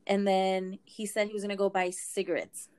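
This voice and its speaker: A young woman casually telling a story, animated, swearing and laughing as she goes. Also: medium pitch, normal speed, clean tone.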